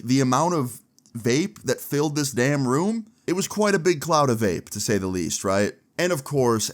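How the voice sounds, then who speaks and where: A young man tells a school story in loose, chatty storytime style, swearing freely. His voice is lively and informal, with plenty of slang. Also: on the low side. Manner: animated, profane and chatty. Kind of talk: casual storytime.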